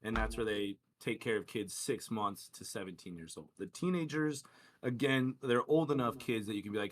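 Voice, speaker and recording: A man co-hosting a podcast, chatting casually about crew life and acting out quoted dialogue in lively bits. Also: on the low side, normal speed. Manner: animated, acts out quoted dialogue. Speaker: podcast co-host, former cruise ship youth staff. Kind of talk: casual storytelling chat.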